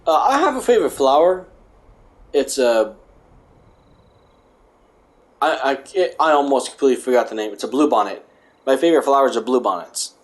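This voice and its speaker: A man reads aloud in a casual, halting way, tripping over words and going back to fix them. He breaks off for dry, joking comments, and his voice sits at an ordinary middle pitch. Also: animated. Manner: stumbling, self-correcting reader with wry asides. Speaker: vlogger.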